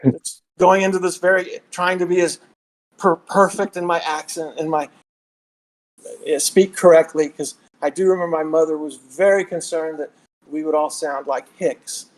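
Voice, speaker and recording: A man's voice: a little high, fairly even intonation, moderate pace, rough recording. A man from the American South with a Southern accent, telling rambling stories in a casual podcast chat, with lots of restarts. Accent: Southern American, Texas. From Southern United States. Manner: rambling storyteller with many restarts. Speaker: podcast guest.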